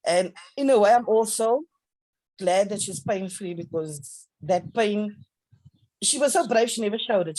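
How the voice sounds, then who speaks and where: Woman, middle-aged, grieving mother, halting and tearful speech, video call, dry close sound. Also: medium pitch, dry recording, rough recording. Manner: halting, tearful, soft-spoken. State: crying at times. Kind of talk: emotional conversation.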